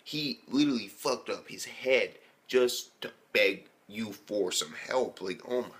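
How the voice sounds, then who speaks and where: A man's voice: lowish voice, unhurried. Young guy ranting about an episode, cussing a lot, all over the place, lots of likes and restarts. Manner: profane, rambling, excitable, lots of fillers. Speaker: anime reviewer. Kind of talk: casual spoken review.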